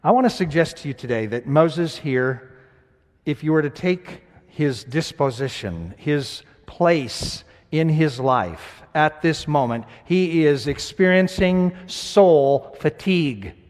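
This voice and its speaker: Preacher in a reverberant church. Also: male voice, on the high side, lively intonation, takes it slowly. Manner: swings from loud emphatic reading to hushed, quiet reflection. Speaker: pastor. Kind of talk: sermon. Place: church sanctuary. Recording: church sanctuary with long reverb.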